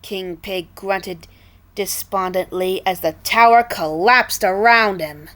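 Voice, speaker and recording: A woman's voice: medium pitch, fairly even intonation, slow pace, fairly bright tone. A woman reading a storybook aloud expressively, with small restarts now and then. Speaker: storybook reader.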